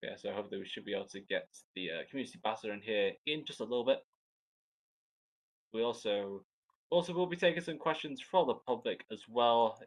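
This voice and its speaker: A man's voice: lowish voice, low-quality recording. A man with a Scottish accent giving live air show commentary, chatty and joking, rambling with frequent restarts.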